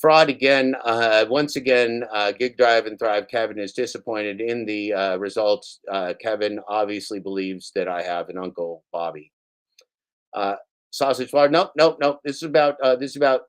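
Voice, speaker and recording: A man's voice: lowish voice, normal speed, smooth. Man, streamer host, live commentary, sarcastic, rambling rant.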